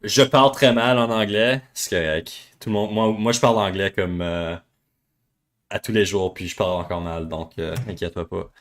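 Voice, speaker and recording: A man's voice: lowish voice, fairly even intonation, fairly quick. A French Canadian man, native French speaker, hosting a casual livestream, chatting with viewers in a joking, rambling way. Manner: joking, rambling, switches between English and French. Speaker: livestream host. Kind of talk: casual stream chat with chat readers.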